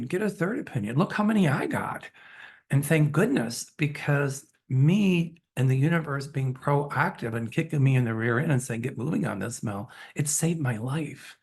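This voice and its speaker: A man's voice: a little high, husky. A man hosting his own channel, earnestly and candidly retelling a personal story with open emotion. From Chicago area, US. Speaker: channel host, psychic.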